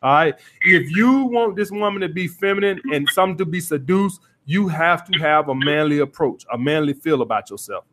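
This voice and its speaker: A man's voice: fairly high pitch, expressive, fairly quick, background noise. A man hosting a call-in dating advice podcast, blunt and profane, repeating his points as he coaches a caller.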